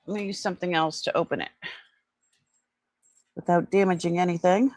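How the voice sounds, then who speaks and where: A middle-aged woman chatting casually during an online jewelry sale, trailing off with fillers and switching to high cooing baby talk with her pet. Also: fairly even intonation, a little fast, a little mellow, no room sound. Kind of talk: casual live-sale chat.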